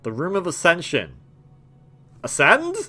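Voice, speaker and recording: A man's voice: medium pitch, lively intonation, normal speed, a bit bright, soft background music. A young man hosting a gameplay video, rambling in a jokey way with lots of stammers and restarts. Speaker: gaming video host. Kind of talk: casual gameplay commentary.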